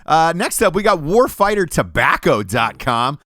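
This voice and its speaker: A brash male podcast host rattles through sponsor reads with a lively, swooping pitch and plenty of swearing. His voice is close and dry, with no room around it. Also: normal speed, no echo. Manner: brash, profane, joking delivery. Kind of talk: casual podcast ad reads and chat.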